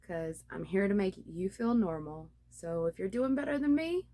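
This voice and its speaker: Speaking into a phone on a ring light tripod, a young woman who is new to podcasting and blogging describes getting her podcast started. Her medium-pitched, dark-toned voice is expressive, moving at a moderate pace with few pauses, and her casual delivery is full of self-mockery as she laughs off her slip-ups.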